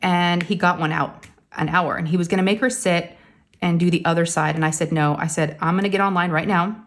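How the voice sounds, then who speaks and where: A woman's voice: lowish voice, fairly even intonation, brisk. A woman, chatting casually to viewers as a craft vlogger and acting out family members as she tells a story.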